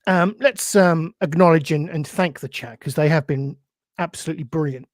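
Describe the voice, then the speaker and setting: A man co-hosting a podcast, chatting and thanking viewers in a relaxed way. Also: a little high, moderate pace, no room sound, clean studio sound. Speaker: podcast co-host. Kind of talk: casual chat.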